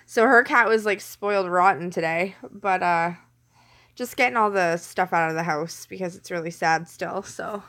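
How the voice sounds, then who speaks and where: During a late-night live stream from her home kitchen, a young Canadian-accented woman chats casually into her phone, laughing readily and teasing viewers who type to her. Her voice is crisp and bright, though on the low side.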